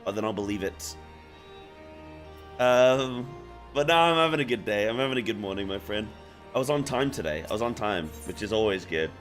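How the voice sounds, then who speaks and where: A man's voice: fairly low pitch, expressive, moderate pace, soft background music. Laid-back joking male streamer. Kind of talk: casual game-stream chat.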